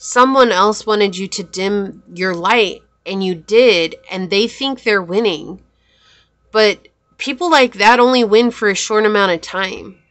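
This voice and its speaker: A woman giving a pick-a-card tarot reading in a gentle, affirming and emotional way. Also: medium pitch, a little slow, no echo. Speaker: tarot reader.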